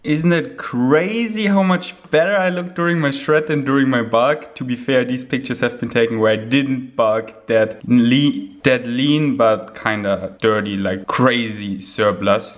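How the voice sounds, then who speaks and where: A young man vlogging casually to a handheld camera in a room, rambling and excitable with big jumps in his voice. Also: mid-range voice. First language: German. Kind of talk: casual vlog talk to camera. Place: indoor room with a window. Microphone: handheld camera at arm's length. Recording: echoey room with faint music.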